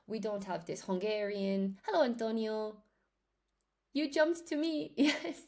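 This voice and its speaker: A woman's voice: medium pitch, measured pace, a little mellow. A woman teaching English in a chatty live lesson, greeting viewers by name as she explains grammar.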